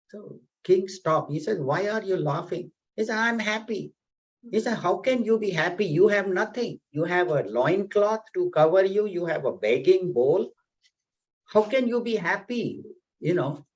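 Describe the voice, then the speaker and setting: Male spiritual teacher, storytelling discourse, mid pitch, slightly muffled lo-fi sound. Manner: explanatory, animated storytelling. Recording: slightly dull, lo-fi audio.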